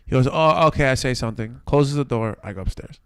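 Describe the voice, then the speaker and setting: A man co-hosting a casual podcast, telling a neighbor story with lively play-acting of each person. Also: mid-range voice, fast, clean tone, no echo. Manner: animated storyteller, acts out neighbors with a put-on accent. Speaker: podcast co-host. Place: city apartment.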